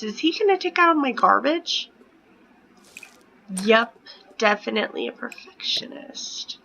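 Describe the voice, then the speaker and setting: A woman's voice: fairly high pitch, expressive, a little slow, creaky, pauses often, pushed and bright, lo-fi sound, slight background noise. A woman in her thirties chatting casually at home while playing a life-sim game, often dropping into a whisper. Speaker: gaming vlogger. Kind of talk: casual gameplay commentary.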